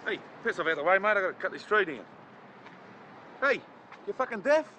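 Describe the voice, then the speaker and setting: An actor playing an aggressive, foul-mouthed man shouting abuse at someone in the street. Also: high voice, sing-song, fairly quick, slight background noise, exaggerated voice. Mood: hostile yelling. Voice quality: yelling, abrasive.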